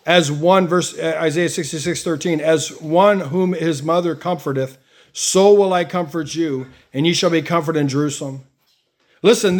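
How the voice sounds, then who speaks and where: A middle-aged pastor with a notably high-pitched voice delivers a sermon. He reads scripture aloud and presses his points with emphatic rises in his voice.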